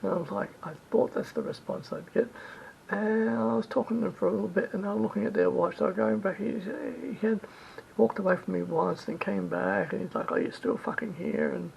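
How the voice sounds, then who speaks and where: High, gravelly man rambling travel tips. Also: brisk. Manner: rambling, repeats himself, self-corrects. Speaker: travel vlogger. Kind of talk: rambling travel advice monologue. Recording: dull lo-fi recording with faint rumble.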